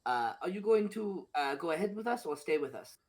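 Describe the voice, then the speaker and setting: A man's voice: fairly high pitch, animated, a little fast. A man playing a tabletop game, cautiously asking the group what to do. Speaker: player. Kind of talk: casual tabletop play.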